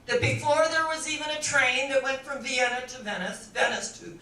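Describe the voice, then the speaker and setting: A woman minister telling a story in a sermon, animated and playful. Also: high-pitched, moderate pace. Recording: echoey room, distant mic, faint noise.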